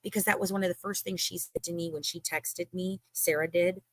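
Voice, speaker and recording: Woman with a low, dry voice. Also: fairly quick, no echo. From United States. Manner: animated, swearing, acts out quoted lines. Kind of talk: casual chat, profane storytelling.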